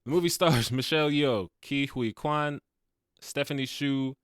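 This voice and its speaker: A man's voice: medium pitch, unhurried, clean tone, dry recording, studio quality. A man in his late twenties co-hosting a movie review podcast, chatting casually and animatedly, laughing often and acting out quotes. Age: late 20s. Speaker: podcast co-host. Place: podcast studio.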